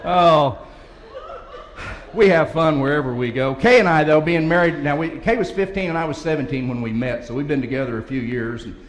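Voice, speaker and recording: In a large banquet hall, a motivational speaker with a slightly high voice gives a brisk, humorous speech, telling folksy stories and chuckling often. The recording echoes, with faint ambience in the background.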